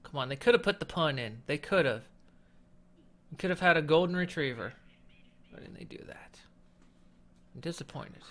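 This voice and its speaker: A man streams a video game, chatting casually and thinking out loud with hesitant restarts while hiccuping. His voice is slightly high, animated and fairly bright, and his pace is a little fast.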